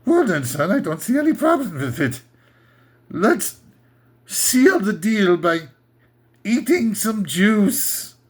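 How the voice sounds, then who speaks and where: Man doing a gruff domineering old father. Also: high-pitched, big pitch swings, slow, pauses often, pitched above the performer's own voice, heavily acted. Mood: stern.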